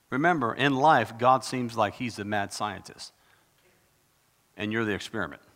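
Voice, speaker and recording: A man preaching a sermon in a dramatic, conversational way, with sudden bursts of loud emphasis. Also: fairly low pitch, normal speed. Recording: long reverb of a large hall.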